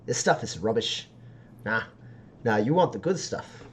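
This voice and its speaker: A man's voice: lowish voice, expressive, a little slow, a little hiss or hum. A man voicing a sly woman street dealer who talks in wheedling sales patter.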